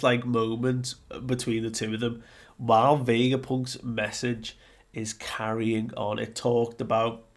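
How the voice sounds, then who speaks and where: A relaxed man with a medium-pitched, gravelly, creaky voice hosts a casual comic book review, working through a chapter slowly and deliberately. He laughs a lot and drops into playful acted-out bits, yet the conversation stays easygoing.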